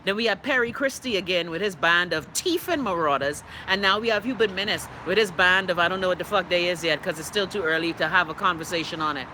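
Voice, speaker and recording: A woman's voice: on the low side, fast talker, few pauses, noisy background. A middle-aged woman with a Bahamian accent hosting a live stream, reading viewer comments and giving her blunt, profane opinions. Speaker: host.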